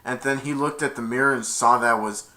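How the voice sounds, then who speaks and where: A man's voice: mid-range voice, steady tone, brisk, pushed and bright. A man casually recapping a cartoon's plot, rambling and correcting himself as he goes. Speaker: movie reviewer.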